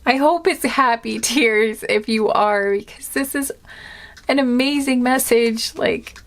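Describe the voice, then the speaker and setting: A woman giving a casual spoken tarot reading to her viewers, gentle and earnest, rambling with many fillers and restarts. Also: a little high, slow pace. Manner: earnest and emotional. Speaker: tarot reader.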